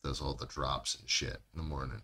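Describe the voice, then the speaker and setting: Guy with a super low voice rambling on about old tour buddies, swears a bunch. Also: level tone, a little fast, pushed and bright. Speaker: podcast co-host. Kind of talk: casual chat.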